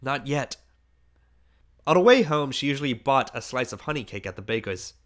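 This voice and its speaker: A man's voice: mid-range voice, expressive, fast talker, a bit bright. A man narrating a literary short story as an audiobook, reading expressively with emphatic rises.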